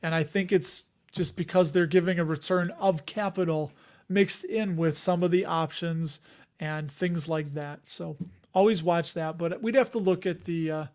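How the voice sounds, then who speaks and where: A man in his forties with a fairly high voice hosts a loose livestream chat. He wanders between thoughts, restarts his sentences and laughs easily as he reads out viewer comments. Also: darkish tone. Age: 40s. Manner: chuckles often, trails off and restarts. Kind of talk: casual rambling livestream chat.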